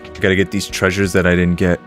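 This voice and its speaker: A man's voice: low-pitched, completely flat delivery, quick pace. A man casually commenting aloud while he plays a game. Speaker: let's play gamer. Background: game music.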